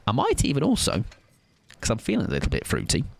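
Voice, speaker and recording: A man's voice: mid-range voice, wildly swooping pitch, quick pace, vocal fry. A tired young man rambling playfully and mocking himself while he comments on a game he is playing live. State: tired, sleep-deprived. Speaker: streamer.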